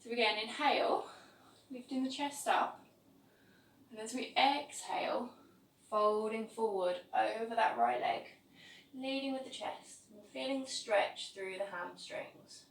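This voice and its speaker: A woman teaching a yoga class, calmly cueing each pose step by step. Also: on the high side, measured pace, vocal fry, slight background noise. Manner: calm step-by-step cueing of poses. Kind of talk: guided yoga class instruction. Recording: echoey room, voice from a distance, faint ambience.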